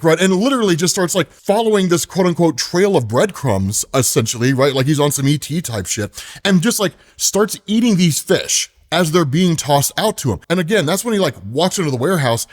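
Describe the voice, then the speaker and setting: A man on the higher side of the male range retells a comic book story in a casual, chatty way. His voice jumps around a lot in pitch as he tells it. He laughs often and drops quick asides between the events. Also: very animated. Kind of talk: casual comic recap narration.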